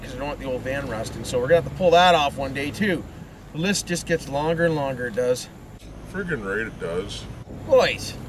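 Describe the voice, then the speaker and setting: A man with an Ontario Canadian accent talks in a rambling driving vlog, tagging his lines with "it is" and "boys". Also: on the high side. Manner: rambling, tags lines with "it is", "boys", "friggin' right". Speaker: vlogger. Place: inside a van, driving with a window open. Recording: windy, from a distance in a car.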